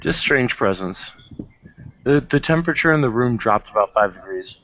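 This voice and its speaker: A man's voice: mid-range voice, expressive, moderate pace, a bit bright, slight background noise. A man running a tabletop game as game master, describing scenes with a wry, dry manner. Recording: dull lo-fi recording, dry.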